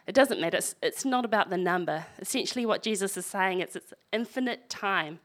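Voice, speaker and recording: A woman's voice: medium pitch, brisk. A woman preaching a sermon, reading scripture aloud and breaking in with wry, conversational asides.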